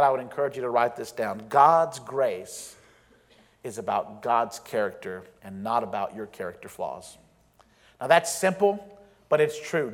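A man preaching a sermon as pastor, earnest and emphatic, slowing down to stress key phrases. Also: fairly high pitch. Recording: long reverb of a large hall.

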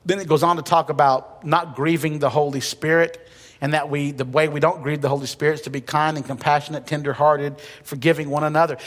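Man, pastor, sermon, conversational and emphatic, slightly high voice, reverberant church hall. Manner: conversational preaching with humor and emphatic repetition. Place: church sanctuary.

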